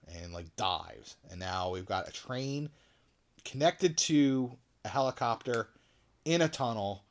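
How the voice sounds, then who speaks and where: A man co-hosting a podcast, retelling a movie scene in a loose, animated way and acting out the characters' lines. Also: medium pitch, unhurried. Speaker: podcast co-host. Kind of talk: casual movie recap chat.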